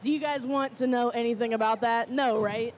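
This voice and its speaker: A woman moderating a live panel, playful and teasing with quick asides. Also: fairly high pitch, fairly even intonation, slight background noise.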